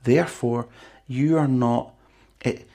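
Male preacher, conversational sermon delivery, husky with gravel. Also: mid-range voice, fairly even intonation, slow pace, dark tone. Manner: conversational, chatty with asides to the congregation.

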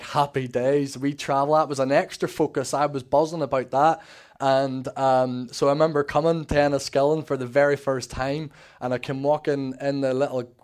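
A man's voice: mid-range voice, darkish tone. A young man with a Northern Irish accent giving a candid personal testimony in church, acting out the dialogue as he tells his story.

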